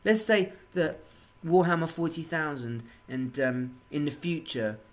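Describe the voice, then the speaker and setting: A man from England ranting in a casual monologue, swearing often and swinging between low muttering and loud outbursts. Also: lively intonation, measured pace.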